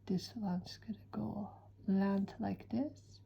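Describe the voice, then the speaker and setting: A woman giving a calm step-by-step drawing tutorial, soft-spoken and often dropping to a near whisper. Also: mid-range voice, takes it slowly, gravelly, slightly rough, lo-fi sound. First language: Japanese. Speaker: certified drawing-art teacher.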